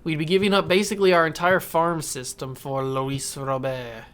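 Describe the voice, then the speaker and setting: A man's voice: fairly high pitch, little pitch movement, normal speed, a bit bright. A man casually commenting while playing a baseball video game, talking to himself and coaxing the game. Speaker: gaming YouTuber. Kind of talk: casual let's-play commentary.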